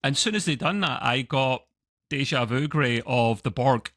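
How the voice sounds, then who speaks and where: Scottish guy rambling about a tv episode on a video call, bright voice, dry sound. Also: medium pitch, moderate pace, no room sound. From Scotland. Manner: rambling, self-correcting, chuckling asides. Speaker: co-host of a TV review show. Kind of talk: casual review chat over a video call.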